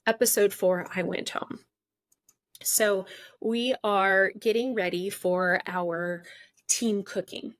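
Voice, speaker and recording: A woman's voice: mid-range voice, fairly even intonation, takes it slowly, no room sound, clean studio sound. Chatty woman spilling podcast gossip. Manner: chatty, candid, gossipy, jumps around. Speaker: podcast host. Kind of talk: casual storytelling.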